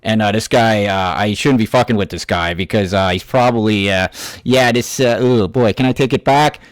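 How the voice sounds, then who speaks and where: A man ranting in an angry, heavily profane reaction commentary, with halting restarts and fillers. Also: fairly low pitch, dry recording. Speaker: YouTube commentator.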